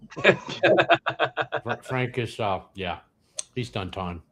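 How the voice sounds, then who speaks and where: A man's voice: fairly low pitch, lively intonation, drawn-out words, pushed and bright. A man, a guest comedian telling rambling anecdotes with dry punchlines. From Louisiana, US. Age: 60s. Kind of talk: comic storytelling on a podcast.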